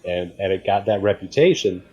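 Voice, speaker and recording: Measured, agreeable middle-aged man. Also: sits low, lively intonation, a little mellow, husky, highs cut off. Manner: measured, agreeable, thinks aloud with fillers. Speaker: podcast co-host. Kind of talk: casual chat.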